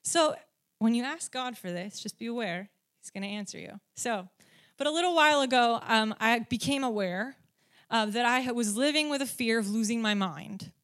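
A woman's voice: fairly high pitch, normal speed, a bit bright. A woman giving a casual faith teaching, talking conversationally with many "like" and "um" fillers and frequent checks of "right?" and "okay?". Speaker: Christian speaker teaching on faith.

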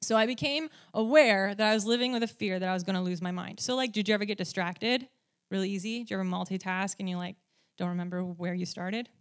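Talking fast in a mid-range voice, this woman teaches about faith from a Christian perspective in a relaxed, conversational style. Her speech is full of "like" and "um" fillers and frequent "right?" and "okay?" checks.

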